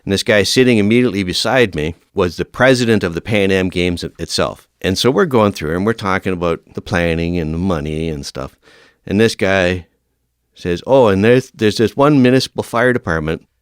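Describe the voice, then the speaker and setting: A man's voice: deep voice, normal speed, clean tone, dry recording, studio quality. A man in his fifties, a veteran firefighter and podcast guest, telling stories in a casual interview and acting out the dialogue. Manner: lively storyteller who acts out quoted dialogue.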